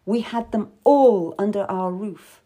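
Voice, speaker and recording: A woman with a warm, mid-range voice speaks at a slow pace. For an audiobook, she voices a worldly, tough lady courtier of middle age who sounds wistful, then turns suddenly bitter.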